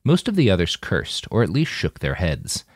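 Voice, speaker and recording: A man narrating an audiobook in an even storytelling manner. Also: normal speed, husky, dry recording, clean studio sound. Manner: deep, even storytelling with wide pitch swings.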